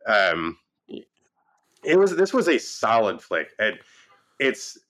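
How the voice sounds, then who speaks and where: A man casually reviewing a movie, retelling the plot with lively acted-out quotes and frequent restarts. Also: lowish voice, takes it slowly. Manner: animated retelling, acts out quoted lines. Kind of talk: casual film review chat.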